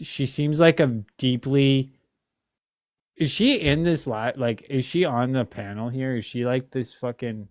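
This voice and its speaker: A man's voice: medium pitch, no echo. A man hosting a live stream panel, talking in a casual, profane and exasperated way. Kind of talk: casual ranting chat.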